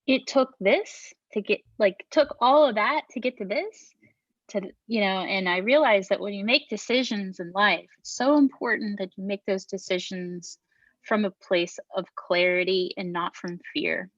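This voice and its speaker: A middle-aged woman, a beverage founder appearing as a podcast guest, tells her story with a mid-range voice at a normal pace. She talks frankly, swears casually, and often restarts her sentences. The recording is dry and its highs are cut off.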